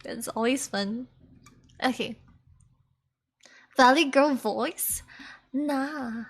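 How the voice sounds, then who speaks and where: A woman's voice: sits high, drawn-out words, pauses often, slightly rough. A young woman streamer chatting casually with viewers between karaoke songs, giggly and rambling.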